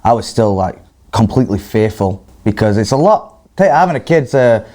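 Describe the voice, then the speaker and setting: A man, telling stories as a podcast guest in a casual, animated way, swearing and laughing often. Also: on the low side, normal speed.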